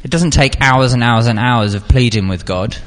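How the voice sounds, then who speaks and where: A man's voice: medium pitch, moderate pace. A young man giving an informal sermon to a youth group, chatty and full of fillers, jumping into acted-out scenes. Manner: chatty, filler-heavy, animated when acting out scenes. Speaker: youth speaker.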